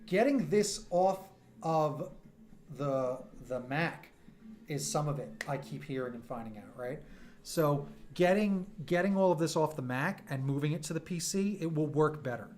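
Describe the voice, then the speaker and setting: A man's voice: on the high side, expressive, a little mellow. Rambling man chatting on a livestream. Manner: rambling, halting restarts. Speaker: livestream artist host. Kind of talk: casual livestream chat.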